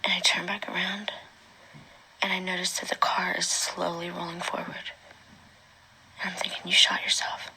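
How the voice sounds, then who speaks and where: Husky, hushed woman telling her story. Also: lowish voice, little pitch movement, normal speed, long pauses, low-quality recording. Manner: often drops to a hushed whisper. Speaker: mother recounting her own experience. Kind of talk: emotional personal testimony addressed to a former partner.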